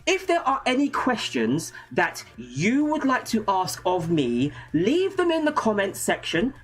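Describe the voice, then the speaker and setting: A man's voice: high voice, huge pitch swings, measured pace, slightly rough. A man hosting a casual livestream from home, chatty and jokey, rambling and greeting viewers by name. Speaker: livestream host. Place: home room with a green screen.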